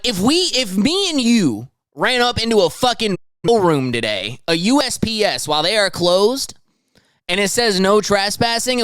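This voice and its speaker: A man's voice: high voice, fairly bright tone, clean tone, no room sound, clean studio sound. A young man hosting a podcast, ranting about the news in heated, slangy, profane casual talk. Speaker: podcast host. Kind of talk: casual news commentary rant.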